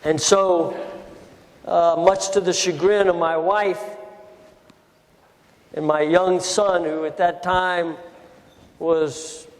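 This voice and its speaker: An older man giving a speech in an auditorium, telling a personal story with animated, emotional shifts. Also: fairly high pitch, slow pace, pauses often. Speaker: speaker addressing an audience. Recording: hall reverb.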